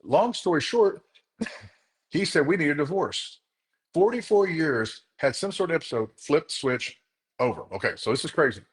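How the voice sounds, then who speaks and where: A man's voice: fairly high pitch, lively intonation, normal speed. A man who works as a chiropractor, telling a story to a group in an earnest, motivational way. He speaks to them directly and repeats words for emphasis. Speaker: chiropractor leading a group session.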